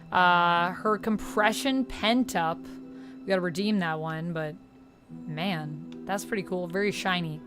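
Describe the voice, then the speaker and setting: Brief: woman streamer, casual running commentary through game menus, mid-pitched, faint game music under her. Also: fairly bright tone. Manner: reads menu options aloud, chats with viewers. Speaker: streamer playing a video game.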